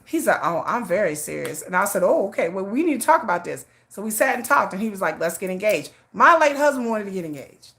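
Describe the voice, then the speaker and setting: A middle-aged woman hosting a livestream, telling a story in blunt, laughing, animated casual chat. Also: mid-range voice, quick pace, few pauses. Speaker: livestream host.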